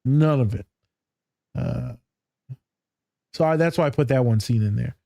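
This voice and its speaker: A man hosting a casual podcast, from Michigan, telling profane, animated stories and acting out quotes. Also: mid-range voice, normal speed, creaky, no room sound, clean studio sound. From Michigan, USA. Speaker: podcast host.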